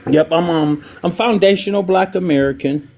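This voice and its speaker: A man speaking in a live online debate, passionate and emotional, with frequent pauses and "um"s. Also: high-pitched, creaky, a little mellow. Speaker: debate panelist.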